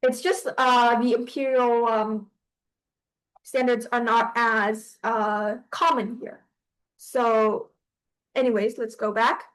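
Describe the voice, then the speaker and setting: Woman teacher explaining poetry to a class, high voice, slow and halting, lots of restarts. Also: flat delivery, poor audio. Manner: hesitant, with frequent pauses and restarts.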